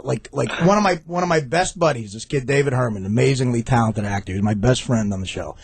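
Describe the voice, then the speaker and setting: A man's voice: mid-range voice, fast, husky. A man guest telling a story on a radio show, laughing and stammering through restarts. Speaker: guest comedian.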